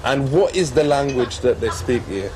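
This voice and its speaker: Comedy casting: an actor as a dim slang-talking interviewer in a noisy setting. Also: male voice, mid-range voice, expressive, lightly acted. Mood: clueless. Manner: mock street slang, deliberately ignorant questions. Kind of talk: comic prank interview. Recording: TV interview with background noise.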